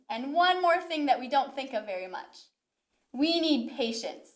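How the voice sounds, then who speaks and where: Gentle high-voiced woman teaching toddler yoga. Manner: gentle, encouraging, sing-song teacher talk. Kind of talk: guided yoga lesson for toddlers.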